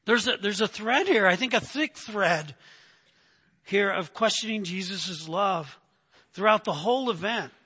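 A man with a high, bright voice preaches in a relaxed, conversational way, stopping often to ask his listeners "right?" He reads each verse aloud and then explains it. A long reverb trails after his words, as in a big church sanctuary. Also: measured pace, husky. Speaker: pastor. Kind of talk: expository sermon.

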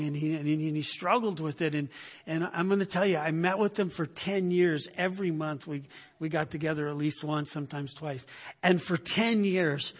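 An older man preaching a sermon, telling animated stories and repeating phrases for emphasis. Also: fairly high pitch, husky. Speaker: pastor. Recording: long hall reverb.

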